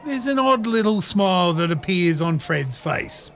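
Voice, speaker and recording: Man playing dry wry narrator, high bright voice. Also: animated, unhurried, faint music behind, exaggerated voice. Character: male narrator Darren, dry storyteller.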